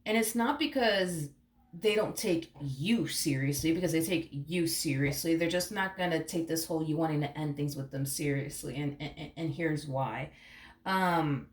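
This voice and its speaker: A woman's voice: low-pitched, normal speed, reverberant. A woman giving a casual, rambling tarot reading, emphatic and searching for words, swearing now and then. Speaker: tarot reader.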